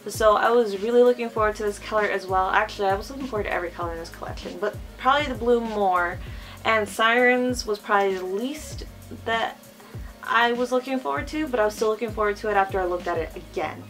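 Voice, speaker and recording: A woman's voice: mid-range voice, fast talker, fairly bright tone, soft background music. A woman with a lisp giving a chatty, gushing makeup review as a vlogger, talking casually with lots of fillers. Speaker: beauty vlogger.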